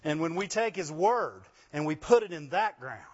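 A man's voice: on the high side, animated, normal speed, muffled recording. A man preaching a sermon, building rhythm by repeating phrases and checking in with the congregation. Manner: repetitive, rhythmic preaching with call-outs to the congregation.

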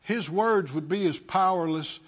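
A man's voice: high voice, measured pace. A male preacher giving an emphatic sermon and throwing rhetorical questions at his congregation, in a dull lo-fi recording.

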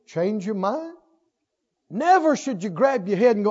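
An older man preaching a sermon, emphatic, asking call-and-response questions and swinging between loud declarations and soft asides. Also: high voice, big pitch swings, a little slow, highs cut off.

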